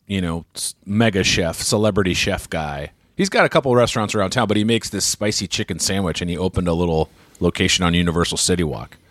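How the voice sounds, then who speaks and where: A man's voice: sits low, fast, few pauses, a bit bright, dry recording. A man co-hosting a casual remote podcast, reading listener emails aloud and joking around. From Los Angeles area. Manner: jokey, reads emails aloud with bursts of laughter.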